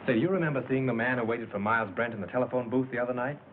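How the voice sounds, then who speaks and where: An actor playing a studio man who asks a string of quick, probing questions about a man's visit. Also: mid-range voice, lightly acted. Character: brisk studio man making inquiries. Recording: tinny old film soundtrack with hiss.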